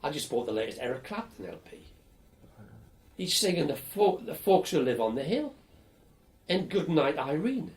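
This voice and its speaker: An older man being interviewed for an oral history, telling lively, blunt stories about his student days. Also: a little high, moderate pace, pauses often. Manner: lively storyteller, animated and blunt, swears casually.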